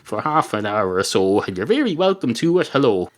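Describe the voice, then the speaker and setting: A man hosting a podcast, delivering a fast, rambling comic monologue full of filler. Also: fairly low pitch, big pitch swings. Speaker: podcast host.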